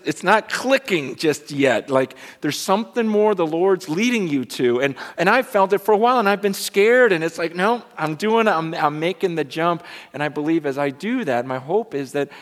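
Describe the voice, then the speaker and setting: A man in his forties, a pastor telling a lively personal story in a sermon, rising to excitement and dropping to hushed, prayerful tones. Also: on the high side, moderate pace, hardly any pauses, big-room sound. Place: large church hall with a congregation.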